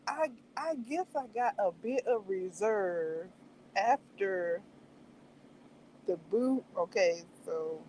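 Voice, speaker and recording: Woman streamer, casual chat; unhurried, laughs a lot, animated, quotes her own reactions. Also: medium pitch, slight background noise, rough recording. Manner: meandering with many fillers. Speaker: livestream host reviewing a show.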